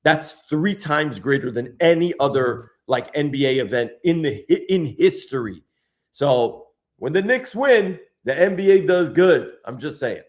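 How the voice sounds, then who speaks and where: Excitable slangy male podcast host. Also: a little high, a little slow. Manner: excitable, slangy, says "bro" a lot. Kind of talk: casual chat.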